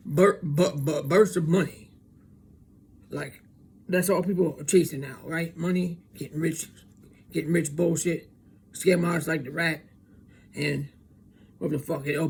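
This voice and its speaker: A man's voice: fairly high pitch, vocal fry, a little mellow, slight background noise. A man hosting his own podcast, ranting in a rambling, profane, suspicious monologue full of stammered restarts. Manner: profane, conspiratorial, halting with restarts. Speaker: podcast host.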